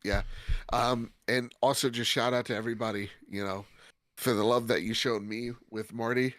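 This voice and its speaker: A man's voice: medium pitch, steady tone, normal speed, a bit bright, dry recording. A man co-hosting a podcast in casual chat, heartfelt and rambling with many restarts, his nose stuffy. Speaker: podcast co-host.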